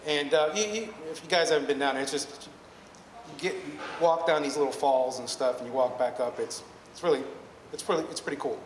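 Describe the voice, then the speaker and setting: A man with a slightly high voice tells the audience a personal story fairly quickly, chatty and meandering, frequently correcting himself. It was recorded in a storytelling-night hall with long, echoing reverb and a little noise.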